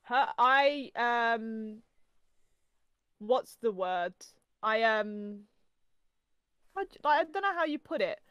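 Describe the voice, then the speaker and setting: A young woman from England with a softened Norfolk accent, co-hosting a casual podcast in chatty, laugh-prone talk full of "like". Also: a little high, animated, smooth, no echo, dull audio. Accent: English, softened Norfolk. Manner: chatty, lots of "like", quick to laugh. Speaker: podcast co-host.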